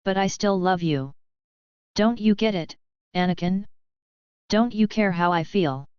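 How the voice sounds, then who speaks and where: A woman's voice: mid-range voice, unhurried, a little mellow, clean tone, no room sound, lo-fi sound, natural voice. A woman voicing a heartbroken young wife, pleading. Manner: pleading, tearful.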